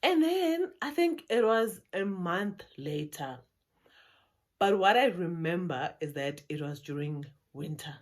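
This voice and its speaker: A woman's voice: lowish voice, animated, slow. A South African woman telling a personal story to her viewers in a casual, chatty way, often laughing. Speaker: YouTuber.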